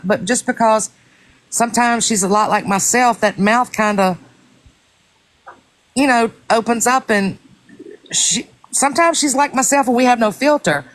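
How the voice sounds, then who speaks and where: A woman hosting a casual live stream chat, emphatic and talking straight to her listeners. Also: a little high. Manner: emphatic, swears oaths, addresses listeners as y'all.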